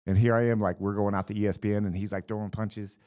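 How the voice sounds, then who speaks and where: Man, deep low voice, fight coach guest, lively storyteller, acts out quotes. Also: quick pace. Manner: animated storyteller acting out quotes with fillers. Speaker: boxing and MMA coach, guest. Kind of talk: casual storytelling interview.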